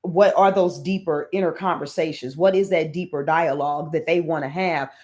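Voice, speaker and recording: A woman's voice: low voice, fairly even intonation, normal speed, a little mellow. Frank, slangy woman business coach. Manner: frank and conversational, uses casual slang. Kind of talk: casual coaching talk.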